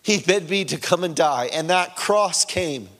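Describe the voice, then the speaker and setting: A man's voice: on the high side, animated, a little slow, a bit bright. A man preaching an impassioned, earnest sermon with personal testimony. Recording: long reverb of a large hall.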